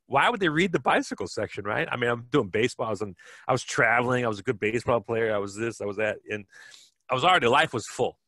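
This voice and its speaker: A man's voice: mid-range voice, animated, fast talker, pushed and bright, no room sound. A middle-aged man from Wisconsin, a podcast guest telling stories in a rambling, casual way with many fillers and restarts. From Wisconsin, USA. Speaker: podcast guest, bike fitter. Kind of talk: casual storytelling.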